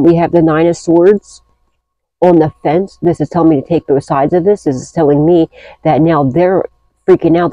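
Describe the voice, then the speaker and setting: A woman reads tarot in a casual, rambling way, swearing freely and restarting her sentences. Her voice is mellow and warm. The recording sounds dull and lo-fi. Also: low-pitched, no room sound. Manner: blunt, profane, rambling with restarts. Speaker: tarot reader. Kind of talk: casual tarot reading to camera.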